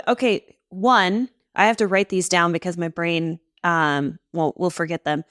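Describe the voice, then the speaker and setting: A woman's voice: lowish voice, steady tone, fairly bright tone, no echo, studio quality. A woman co-hosting a relationship podcast, teasing her partner in playful casual chat. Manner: playful, teasing, quick interjections. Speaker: podcast co-host, therapist.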